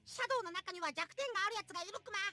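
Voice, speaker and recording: A high, squeaky little bear creature from an anime game, rattling off lines at a quick clip. The tone is bright and piercing, eager and a bit jittery, with a cute tic tacked onto its sentences. Faint game music sits underneath. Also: female voice. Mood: instructive. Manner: verbal tic ending lines, high chirpy cartoon voice.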